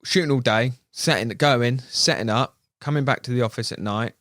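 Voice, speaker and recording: A man with an English accent telling an animated anecdote in casual podcast chat, laughing and mimicking other people's voices as he goes. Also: mid-range voice, moderate pace, dry recording, clean studio sound. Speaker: videographer. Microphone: studio podcast mic.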